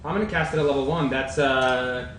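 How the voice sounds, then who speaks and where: A man playing a tabletop game, calmly declaring his character's actions. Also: mid-range voice, a little fast. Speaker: player. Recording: distant mic in an echoey noisy room.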